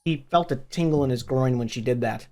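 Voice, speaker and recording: A man's voice: mid-range voice, a little fast, a little mellow. Man recapping a novel's plot. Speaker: book reviewer. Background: faint background music.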